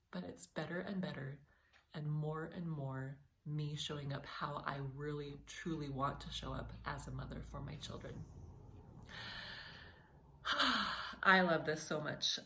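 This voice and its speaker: A woman's voice: low voice, fairly bright tone, a little hiss or hum. A woman vlogger talking to camera in an earnest, encouraging way, speaking straight to her viewers. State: a little emotional. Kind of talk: heartfelt talk to camera.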